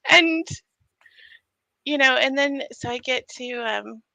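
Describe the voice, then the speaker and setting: A woman telling a story on a casual stream, animated and acting out quotes with frequent laughs. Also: high voice, slow, creaky, dry recording, low-quality recording.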